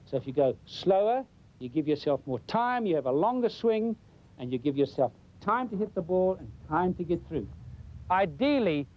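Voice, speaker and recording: A man's voice: sits high, sing-song, normal speed, darkish tone, low-quality recording. A man giving a folksy golf lesson for television, demonstrating as he talks. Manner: folksy, demonstrating while talking. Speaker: golf instructor. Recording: 1990s television broadcast.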